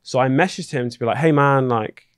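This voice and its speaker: A man telling a story in a podcast chat, animated and quick to act out other people's lines. His voice sits at an everyday middle pitch, and the close mic sounds dry with no room around it. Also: clean tone, no echo. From Dorking, England. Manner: animated, acts out the other person's lines in the retelling. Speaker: podcast guest.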